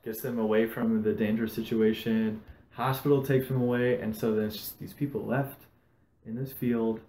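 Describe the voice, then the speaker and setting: A man's voice: on the low side, moderate pace, echoey room, slight background noise, low-quality recording. A man hosting a casual podcast, telling stories with plenty of swearing. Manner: swears a lot, animated storytelling. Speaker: podcast host.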